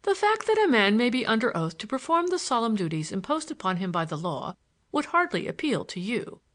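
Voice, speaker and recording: A woman's voice: fairly high pitch, big pitch swings, a little fast, fairly bright tone. A woman reading an audiobook, voicing a stern, impatient male estate executor with a curt, indignant manner.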